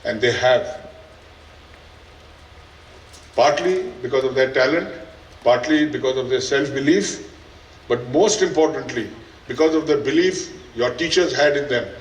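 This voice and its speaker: A school head with an Indian English accent addresses students in an earnest farewell speech with touches of dry humour. His medium-pitched voice moves at a measured pace with long pauses, sounding distant and echoey in a big event hall.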